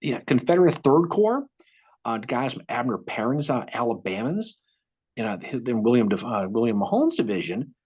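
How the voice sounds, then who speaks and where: Animated husky man telling history. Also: medium pitch, moderate pace. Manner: animated, repeats words while thinking, acts out quotes. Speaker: podcast co-host. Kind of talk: casual history podcast storytelling.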